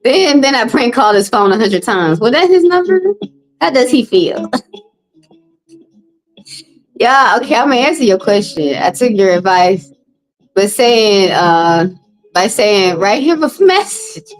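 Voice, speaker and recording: A woman's voice: mid-range voice, animated, measured pace, pauses often, low-quality recording. A woman reading tarot live for viewers, talking bluntly and profanely, teasing callers and laughing often. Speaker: tarot reader on a live stream. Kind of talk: casual live-stream chat.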